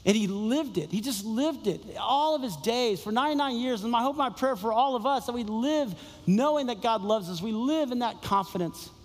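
A man with a notably high voice delivers a sermon in an animated storytelling manner, repeating his key phrases for emphasis. His voice carries a long reverb, as if from a large hall. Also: normal speed, few pauses. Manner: storytelling, exclamatory and repetitive. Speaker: pastor.

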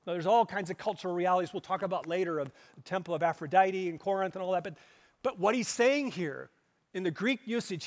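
A male pastor preaching a sermon, pressing hard on key words and then dropping to hushed, low asides. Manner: emphatic, swings between loud stresses and hushed low asides. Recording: long hall reverb.

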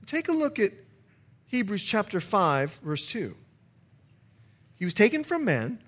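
A middle-aged man, a pastor, preaching a sermon in an animated way, now and then acting out short exchanges in a low growl. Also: measured pace. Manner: animated, acts out dialogue with sudden drops to a low growl.

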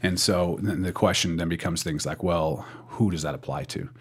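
A man's voice: low-pitched, normal speed, husky. A man co-hosting a podcast, chatting casually and wryly with frequent restarts and fillers. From United States. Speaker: podcast co-host.

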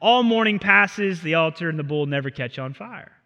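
A male pastor preaches in an animated, casual storytelling style, his bright, forceful voice sitting a little high for a man. The sound carries the long reverb of a theatre hall. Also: normal speed, creaky, highs cut off. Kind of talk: sermon. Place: theatre used as a church.

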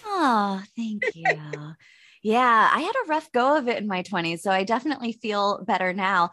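A woman's voice: medium pitch, animated, moderate pace, bright, forceful tone, dry recording. A woman in her thirties hosting a casual chat, swearing freely and laughing often. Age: 30s. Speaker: host.

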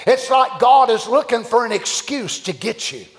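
A man preaching a sermon as pastor, impassioned and building to shouts. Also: very high voice, animated, moderate pace. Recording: long church hall reverb.

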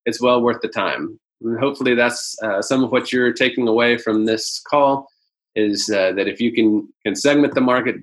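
Halting male webinar presenter, low voice. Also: fairly bright tone, poor audio. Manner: halting, many fillers. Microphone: video call.

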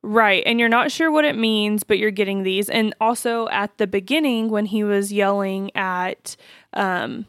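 A woman co-hosting a podcast, chiming in calmly with points about a film's plot. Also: medium pitch, a little slow, clean tone, no echo, studio quality. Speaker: podcast co-host. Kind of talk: casual film recap chat.

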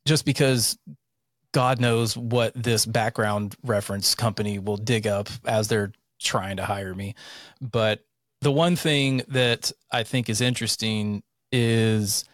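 A man in his thirties from central North Carolina, co-hosting a casual podcast chat, rambling and swearing with animated bursts. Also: fairly low pitch, slow, no room sound, clean studio sound. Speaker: podcast co-host.

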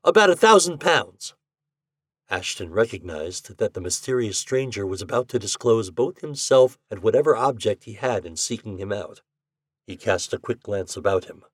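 A man narrating classic short fiction in a measured, expressive storytelling way. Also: on the low side, no echo, studio quality. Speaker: podcast narrator.

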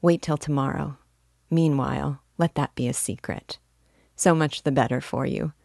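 Woman reader as a guarded young woman; firm, measured, low and close. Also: steady tone, vocal fry, dry recording. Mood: frank. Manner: frank, measured, gently firm. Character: frank, cautious young woman, warm but firm. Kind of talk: audiobook dialogue reading.

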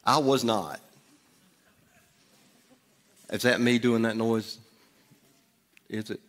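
A man's voice: on the low side, unhurried, fairly bright tone. A middle-aged man preaching in a church, telling a personal story conversationally with asides to the congregation. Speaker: pastor. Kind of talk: storytelling sermon. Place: church sanctuary. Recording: long hall reverb.

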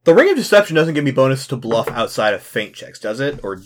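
A man's voice: mid-range voice, sing-song, quick pace, a little hiss or hum. Brief: young male player, casual, rambling, mid-range voice. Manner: rambling, hesitant. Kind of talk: casual chat during a tabletop game.

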